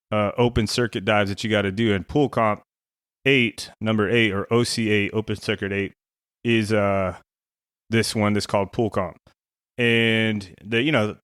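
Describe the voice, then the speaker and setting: Here the same ex-SEAL coach, now middle-aged, shares a personal anecdote conversationally, leaning heavily on fillers like "you know" and "right." The voice is lowish, slightly bright, clear and resonant, recorded dry at studio quality.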